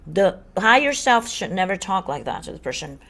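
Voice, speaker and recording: A woman's voice: medium pitch, sing-song, normal speed, fairly bright tone. A woman co-hosting a casual spiritual podcast. She speaks earnestly and dramatically in a mid-range voice and sometimes slips into acted-out voices. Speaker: podcast co-host.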